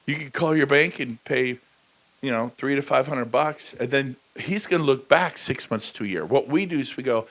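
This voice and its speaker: A man's voice: brisk, rough recording. A middle-aged man giving a motivational real estate talk on a conference stage, full of energy and calling out to the crowd. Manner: high-energy, shouting bursts and crowd call-outs.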